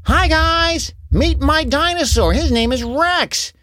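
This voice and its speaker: An adult storyteller voicing an excited, brave young boy with a high, eager voice. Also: takes it slowly, no echo. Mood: cheerful. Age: child. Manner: high, eager, shouting when alarmed.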